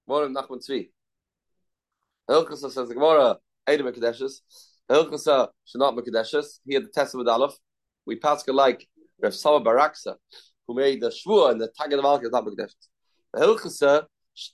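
A man teaching a daily Talmud class, reading Aramaic lines and then translating and explaining them. He repeats key phrases and asks and answers his own questions. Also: medium pitch.

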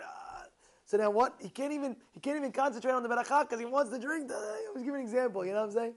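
A man, a rabbi, giving an animated Torah class, asking his listeners questions and using many fillers. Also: sits high, quick pace.

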